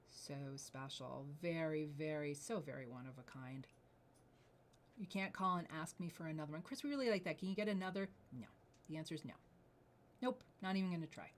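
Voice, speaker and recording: A woman hosting a live jewelry sale, gushing over each piece and often dropping to breathy near-whispers as she admires it. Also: fairly low pitch. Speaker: jewelry sales host. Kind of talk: live shopping presentation.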